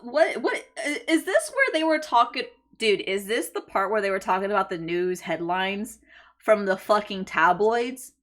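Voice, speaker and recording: A young adult woman streaming live, reacting excitedly and swearing casually as she talks to her chat. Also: mid-range voice, normal speed.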